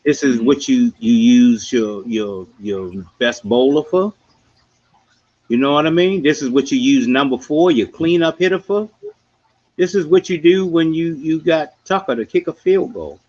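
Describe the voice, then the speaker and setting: A man with a slightly high voice holds forth as host of a live podcast panel. He preaches with emphasis and speaks straight to the audience. The recording sounds dull and lo-fi. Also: measured pace, a little mellow. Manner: emphatic, preachy, sports analogies, addresses the audience.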